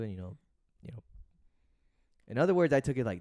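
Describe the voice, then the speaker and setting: A man's voice: fairly low pitch, sing-song, fast, long pauses, a little mellow, dry recording, studio quality. A young man co-hosting a podcast, telling a long story in a loose, rambling way full of fillers and swearing. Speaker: podcast co-host. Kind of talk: casual chat.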